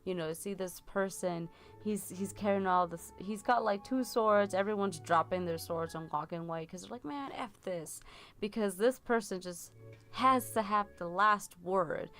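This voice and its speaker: A woman's voice: medium pitch, normal speed, a bit bright, faint music behind. A woman giving a tarot reading on a live stream, chatty and rambling, with many fillers. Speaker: tarot reader.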